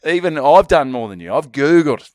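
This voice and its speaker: A man's voice: fairly high pitch, lively intonation, moderate pace, a little mellow, dry recording, clean studio sound. An Australian man co-hosting a podcast, telling a long rambling story in casual banter and swearing freely. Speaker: podcast co-host.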